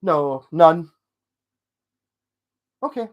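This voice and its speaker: A man's voice: a little high, animated, very slow, dull audio. A drunk man with a Scottish accent, hosting a casual late-night livestream, rambling and swearing as he rants to viewers. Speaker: livestream host.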